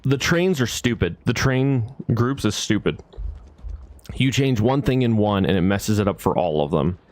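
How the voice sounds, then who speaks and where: Man, low voice, game streamer, casual muttering, grumbly. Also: lively intonation, moderate pace, a little mellow. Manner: muttering to himself while planning, annoyed at bugs. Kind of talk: casual gameplay commentary.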